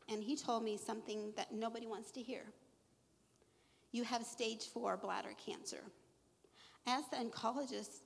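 A woman's voice: a little high, vocal fry. A middle-aged woman sharing her faith testimony, earnest and emotional, quoting scripture to a live audience. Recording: long echo of a large hall.

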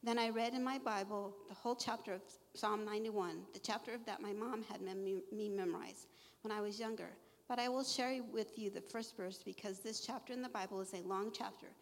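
A woman's voice: mid-range voice, fairly even intonation, brisk. A middle-aged woman sharing her faith testimony, earnest and emotional, quoting scripture to a live audience. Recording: long echo of a large hall.

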